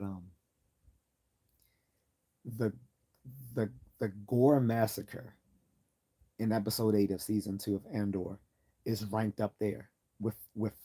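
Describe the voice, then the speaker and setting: A man hosts a livestream, giving casual commentary in an earnest, enthusiastic way that rambles and restarts often. His voice is on the low side and mellow.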